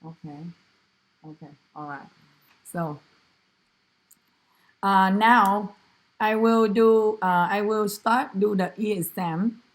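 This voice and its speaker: A woman speaks slowly and haltingly at a medium pitch, a student demonstrating a physical exam with clinical narration. Vietnamese is her first language, and her English shows non-native grammar along with many fillers and self-corrections.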